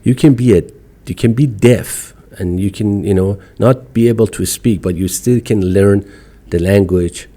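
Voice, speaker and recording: A man's voice: fairly low pitch, moderate pace, dark tone. A man from Iran with an Iranian accent and broken English, speaking emphatically and outspokenly as a podcast guest. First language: Farsi. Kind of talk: casual conversation.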